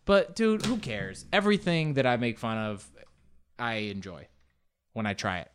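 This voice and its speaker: A man's voice: medium pitch, expressive, normal speed, fairly bright tone, clear, resonant tone. Rambling, self-mocking young man. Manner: rambling and self-mocking, loose slang and frequent fillers. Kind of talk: casual solo chat.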